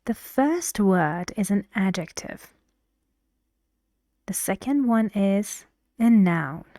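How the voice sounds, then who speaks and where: A woman's voice: mid-range voice, expressive, takes it slowly, warm tone, no echo, studio quality. A woman teaching an English pronunciation lesson, explaining stress rules patiently with examples.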